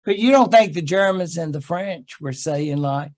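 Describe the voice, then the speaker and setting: A man's voice: a little high, animated, moderate pace, hardly any pauses, a little mellow, poor audio. An older man with a Southern US accent giving a history lecture to a classroom, chatty and humorous with folksy asides. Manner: chatty and humorous, acting out quotes in silly voices. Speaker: history professor. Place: classroom with students.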